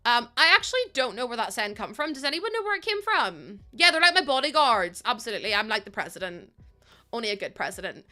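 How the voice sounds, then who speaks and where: A woman's voice: on the high side, quick pace. A young woman with a Northern Irish accent, chatting casually and giggling with her live chat as a streamer. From Northern Ireland. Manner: chatty, giggly, loose and animated.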